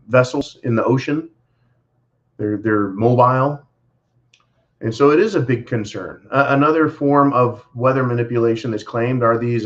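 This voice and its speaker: Man, livestream host, folksy, rambling, lots of fillers, mid-pitched voice, dull lo-fi sound. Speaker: livestream host reading super chats. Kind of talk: casual livestream talk. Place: Texas.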